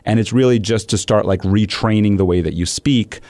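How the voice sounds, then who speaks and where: A man's voice: on the low side, fairly quick, dry recording. A man hosting a conversational interview, a coach who tells stories animatedly and acts out quotes. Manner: animated storytelling with acted-out quotes. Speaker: podcast host and coach.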